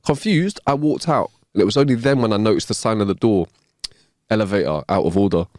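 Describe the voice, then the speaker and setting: A man's voice: fairly low pitch, animated, brisk, darkish tone, no room sound, studio quality. A man co-hosting a casual chat, telling jokes and breaking into laughter. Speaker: podcast co-host.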